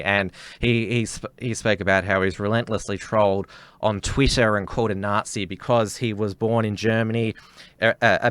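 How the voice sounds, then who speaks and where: An Australian man hosting a solo political live stream, talking off the cuff with many pauses and restarts. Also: fairly low pitch, fairly bright tone, smooth, no room sound. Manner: halting, many uhs and restarts. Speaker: political commentary host.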